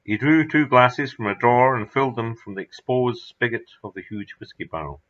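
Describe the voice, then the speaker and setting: A man reading his own horror story aloud in a measured, dramatic narration. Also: mid-range voice, fairly bright tone. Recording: dull lo-fi recording.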